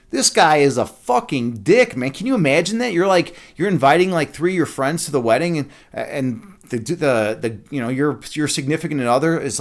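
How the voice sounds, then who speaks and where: A man reading a fairy tale aloud as a streamer, breaking off into profane, excitable, rambling commentary. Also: mid-range voice.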